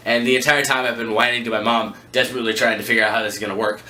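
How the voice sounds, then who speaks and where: A man vlogging a rambling storytime to camera, joking at his own expense with quick asides. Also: fairly low pitch, flat delivery, sharp tone, a little hiss or hum. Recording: echoey room.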